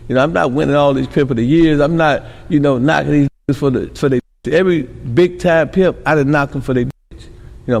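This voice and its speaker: A man's voice: mid-range voice, darkish tone, big-room sound. A middle-aged man from Milwaukee telling rambling stories as a podcast guest, constantly tossing in "you know what I'm saying.". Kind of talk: casual interview storytelling.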